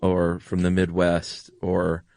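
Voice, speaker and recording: A man's voice: low voice, completely flat delivery, takes it slowly, creaky, darkish tone, clean tone, dry recording, clean studio sound. A man with a General American accent co-hosting a podcast in casual chat, gushing with enthusiasm and repeating himself. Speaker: podcast co-host.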